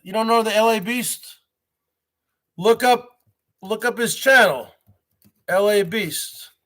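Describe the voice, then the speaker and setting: A man with a high, fairly bright voice hosts his own live stream, speaking slowly. He rambles to viewers he calls "folks," piling up rhetorical questions.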